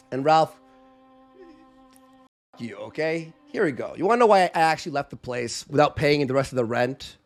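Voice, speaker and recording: A man with a slightly higher voice tells a story on a live stream, lively and animated. He acts out other people's lines, dropping his voice low and then jumping back up. Faint music plays behind him. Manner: animated, acts out quotes with shifting voice and volume.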